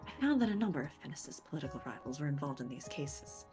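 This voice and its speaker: A woman voicing a brisk, cheerful male detective with an attempted British accent and a whispery, breathy delivery. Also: sits low, very animated, music in the background. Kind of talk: reading game dialogue aloud.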